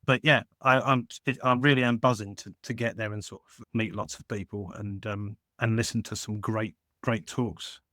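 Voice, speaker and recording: A man's voice: fairly low pitch, fairly even intonation, normal speed, few pauses, fairly bright tone, dry recording, clean studio sound. A man joining a podcast as a guest, talking casually in an eager, rambling way with many restarts. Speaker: guest caller. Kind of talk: casual chat.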